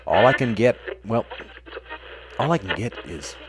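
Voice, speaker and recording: Deep-voiced wry American man hosting. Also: lively intonation, measured pace, heavy background noise. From United States. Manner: dry, sardonic asides. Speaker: radio show host. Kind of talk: scripted comic radio monologue.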